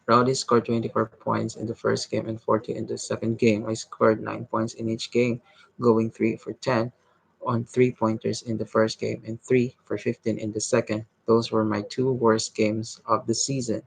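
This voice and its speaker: Gravelly man reading a novel aloud. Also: fairly low pitch, level tone, no echo, poor audio. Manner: halting reading, stumbles and restarts words. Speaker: reader.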